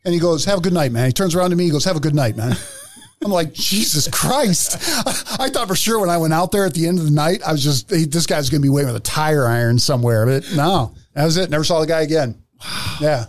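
A man's voice: a little high, fast, dry recording. Dry-miked man telling cop stories. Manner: animated, swearing, laughs often. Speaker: podcast co-host, former police officer. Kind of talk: casual storytelling chat.

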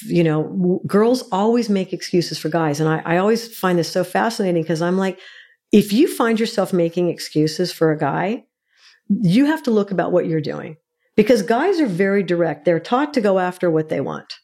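A middle-aged woman with a somewhat low, mellow voice, speaking as a guest expert. She explains in an earnest, teacherly way, counting through her points one at a time. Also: expressive, normal speed. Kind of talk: explaining in an interview.

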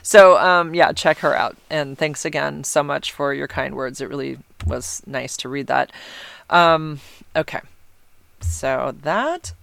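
Chatty middle-aged woman, smooth close voice. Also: low voice, slow, fairly bright tone, no room sound. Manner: chatty and rambling, with many fillers and restarts. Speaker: podcast host. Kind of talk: casual solo podcast chat.

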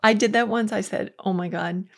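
A woman's voice: medium pitch, fairly even intonation, moderate pace, vocal fry. A woman hosting a faith podcast, giving an earnest, conversational Bible teaching with quotes acted out. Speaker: podcast host.

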